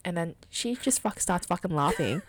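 Young woman, podcast co-host, blunt and mock-offended, lower voice, lively pitch, dry sound. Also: normal speed. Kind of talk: casual chat.

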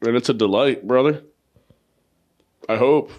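A man with a middle-pitched voice hosts a podcast in loose, crude chat. He swears constantly, jokes crudely and tells rambling stories. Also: a little slow, darkish tone. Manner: profane, joking, storytelling. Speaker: podcast host; comedian.

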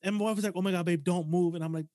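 A man's voice: sits high, fairly even intonation, very fast, darkish tone, dry recording, clean studio sound. A man hosting a podcast, telling a story in a casual chat with lots of swearing and animation.

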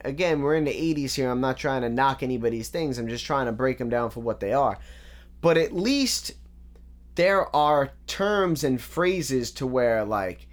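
A man with a somewhat raised pitch walks through rap lyrics line by line. His delivery is casual and methodical, and he often quotes the bars back before judging them. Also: expressive, unhurried. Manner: methodical, quotes lines back and repeats "again". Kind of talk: casual spoken breakdown of rap verses.

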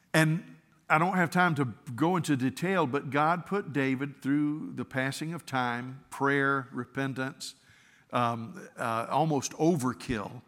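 In his sermon, the pastor talks earnestly and conversationally, often starting his words over. He has a medium-pitched, slightly bright voice, and the sound carries a long reverb tail.

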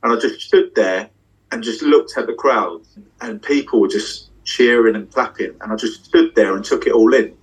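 A husky man with a middle-pitched voice, talking with swagger and freely dropped swear words. He speaks a little back from the mic in a backstage dressing room, excited and open about his stage life. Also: normal speed, recorded from a distance, low-quality recording. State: getting emotional. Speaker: magician and tour guest. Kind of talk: candid casual interview.

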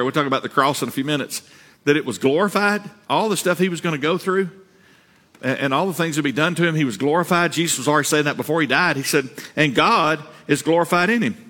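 A man preaching a sermon as pastor, earnest, repeating words and climbing higher to stress a point. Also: pushed and bright. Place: church sanctuary. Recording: reverberant church hall.

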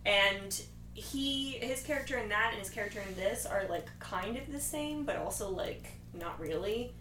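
A woman chatting enthusiastically about movies and retelling scenes quickly. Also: mid-range voice, lively intonation, recorded from a distance. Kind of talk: casual chat about movies. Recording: echoey room, off-mic, faint noise.

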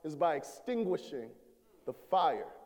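A man preaching a sermon as an associate minister, swelling to shouts and dropping low. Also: very animated, unhurried, in a large hall.

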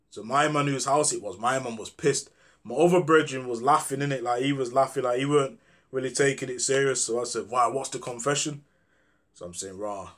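A young man telling a personal story to camera in street slang, acting out the voices in his quotes, then turning reflective. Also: mid-range voice.

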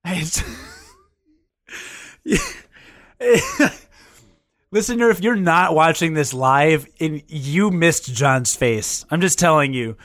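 A man's voice: on the high side, lively intonation, a little slow, hardly any pauses, a bit bright, no room sound, studio quality. A man co-hosting a casual podcast, teasing his partner and laughing often. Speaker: podcast co-host.

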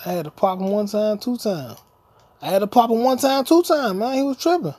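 A man's voice: sits high, lively intonation, brisk, darkish tone, no room sound. A man hosting a podcast, rambling through a comedic monologue and breaking into improvised scat singing. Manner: freewheeling, jumps between talk and scatted singing. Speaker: podcast host.

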